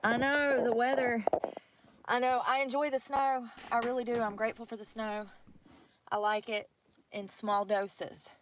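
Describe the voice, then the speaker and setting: A woman's voice: a little high, level tone, moderate pace, background noise. A breathless woman, rambling and cursing freely as she vlogs live outdoors in the snow by a river on a handheld phone. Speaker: vlogger. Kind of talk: casual livestream chat.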